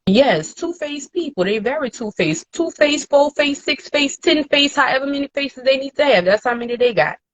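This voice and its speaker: A woman co-hosting a podcast, telling a candid personal story in casual slang, swearing freely and jumping up into a higher voice when she quotes people. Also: normal speed, few pauses, no echo. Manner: animated, acts out quotes in a higher voice. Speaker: podcast co-host. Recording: dull, dry sound.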